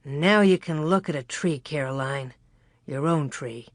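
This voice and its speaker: A woman reads a calm, low-voiced pioneer dad in a storybook, slow and firm. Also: no echo, clean studio sound. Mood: reassuring. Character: steady pioneer father, grown man, calm.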